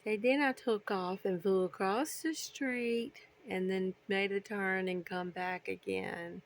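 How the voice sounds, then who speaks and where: A woman's voice: medium pitch, fairly even intonation, takes it slowly. A woman voicing a baby parakeet girl telling her own escape. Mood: excited.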